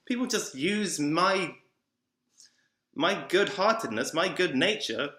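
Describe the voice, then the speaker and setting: A man in his twenties rambles through an agitated, profane monologue, circling back to the same phrases. His voice sits fairly high and sounds bright and strained. The room around him is echoey. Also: animated, slow. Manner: profane, agitated, repetitive ranting. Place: room in a psychiatric ward.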